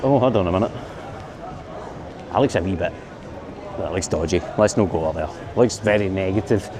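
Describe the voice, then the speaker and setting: A man's voice: sits low, brisk, a crowd in the background. A Scottish man vlogging a night walk through a city street, chatty and self-mocking, recorded on a handheld camera mic. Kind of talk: walking-tour vlog narration.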